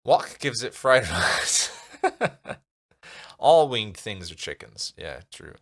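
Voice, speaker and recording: A man's voice: on the low side, very animated, slow pace, fairly bright tone. A male streamer reading a gamebook aloud and muttering asides to himself as he decides what to do. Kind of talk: casual narration while playing a gamebook.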